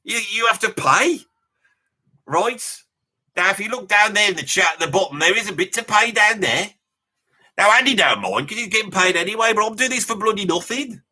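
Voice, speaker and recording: A middle-aged man with a Birmingham accent chats on a live stream, reading viewer comments and wandering off into jokey, mock-boastful asides. His voice sits a little high for a man. It has a bright, forward edge. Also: expressive, normal speed, slightly rough. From Birmingham, England. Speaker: guest on a live reaction stream.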